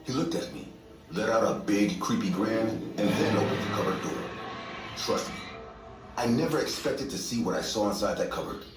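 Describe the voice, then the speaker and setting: A man narrating a scripted horror story in a steady, measured way. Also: fairly low pitch. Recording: echoey distant room, faint music.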